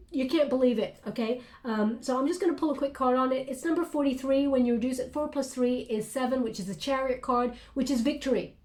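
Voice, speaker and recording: Encouraging woman giving a tarot reading. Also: high voice. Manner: warm, encouraging, many fillers and restarts. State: briefly emotional. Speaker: tarot reader. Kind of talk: casual tarot reading to camera.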